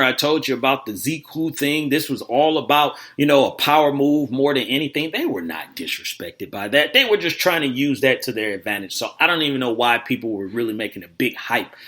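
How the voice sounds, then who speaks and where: A man hosting a sports talk show, rambling and animated, with lots of fillers and restarts. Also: mid-range voice. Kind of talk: casual sports radio talk.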